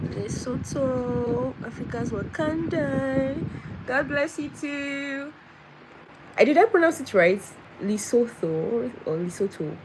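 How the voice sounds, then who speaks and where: A woman hosting a casual travel livestream, chatty and greeting her viewers again and again. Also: high voice. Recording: loud vehicle noise behind.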